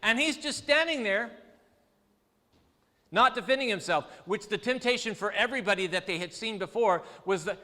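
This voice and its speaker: A male pastor preaching a sermon, telling the story with lively, acted-out quotes. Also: high voice, normal speed, long reverb tail. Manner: animated storytelling preacher, acts out quoted voices. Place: church sanctuary.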